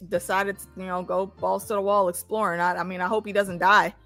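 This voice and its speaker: A woman co-hosting a casual podcast chat about a TV episode, animated, swearing freely and acting out characters. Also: mid-range voice, a little fast, faint music behind. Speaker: podcast co-host.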